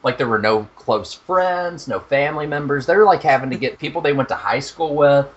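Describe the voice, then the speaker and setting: A young man talks on a podcast with a lively, swooping voice that jumps up and down as he swears and laughs at his own jokes. His voice sits in a middle register. The sound is a bit dull and lo-fi. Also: medium pitch, brisk. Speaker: podcast co-host. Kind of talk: casual podcast chat.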